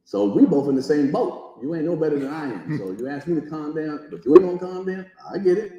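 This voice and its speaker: A man speaking as a comedian guest, calm and wry, calling the other man brother. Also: a little high, fast talker, heavy reverb, muffled recording, heavy background noise. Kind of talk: casual panel talk.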